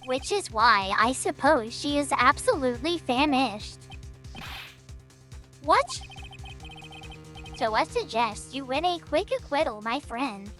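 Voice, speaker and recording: A woman voicing a calm, formal male kidnapper who taunts over the phone in a game. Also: sits high, slow pace, long pauses, soft background music, heavily acted. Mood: taunting.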